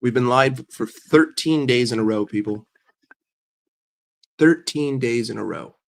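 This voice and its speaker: A man's voice: mid-range voice, unhurried, gravelly. A man hosting a casual livestream while sick and congested, chatting with viewers, greeting them by name and often repeating himself. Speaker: livestream host.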